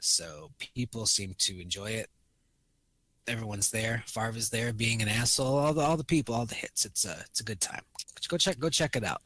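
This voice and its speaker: A man's voice: medium pitch, moderate pace, fairly bright tone, dry recording. A man co-hosting a podcast, chatting casually and profanely about movies, rambling with many fillers and acting out quotes. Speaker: podcast co-host.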